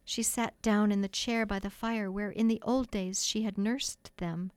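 A woman's voice: medium pitch, steady tone, a little slow, smooth, no echo. Woman reading a storybook aloud. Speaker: audiobook reader. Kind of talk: storybook narration.

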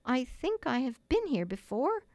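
A woman voicing the youngest small boy, sleepy and wondering, much higher than her own voice. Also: very animated, moderate pace, no echo.

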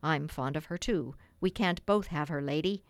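Storybook figure: a cocky boy who brags and sneers, pitched low and dry, as a woman narrator puts him on. Lower than her own voice and close to the mic. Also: moderate pace, no echo. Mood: boastful. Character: boastful proud boy who flies.

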